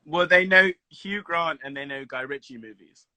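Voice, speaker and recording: A man from England, chatting casually on a video call and telling animated stories with swearing and laughs. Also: a little high, normal speed, no echo. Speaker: actor guest. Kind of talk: casual chat.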